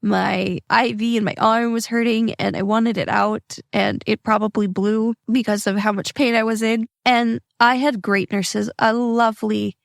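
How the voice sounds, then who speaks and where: A woman's voice: on the high side, fairly even intonation, unhurried, vocal fry, hardly any pauses, dry recording, clean studio sound. A young woman hosting a podcast, telling a personal story in an earnest, emotional, plain-spoken way. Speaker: podcast host.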